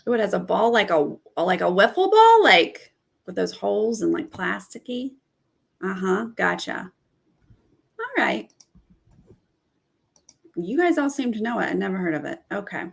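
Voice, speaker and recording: Slow, gravelly-voiced woman commentator. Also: mid-range voice, sing-song. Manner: chatty, candid, reads out cast bios and comments on each. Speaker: reality TV commentator. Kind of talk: casual reaction vlog.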